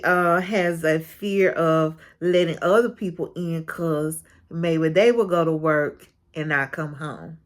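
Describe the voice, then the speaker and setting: A woman hosting a casual recap of a reality show, frank and chatty, often breaking into laughter. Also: on the low side.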